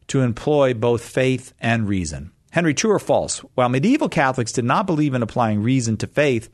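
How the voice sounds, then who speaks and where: A man's voice: medium pitch, no echo, clean studio sound. A man hosting a quiz show, reading true-or-false questions and teasing his guest with mock-naive remarks. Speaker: quiz host. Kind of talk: playful quiz banter.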